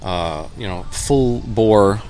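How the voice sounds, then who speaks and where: A man in his fifties, a musician guest, talking in a relaxed, reflective way with many pauses and fillers, in a brewpub. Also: on the low side. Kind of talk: relaxed conversational interview. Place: brewpub restaurant.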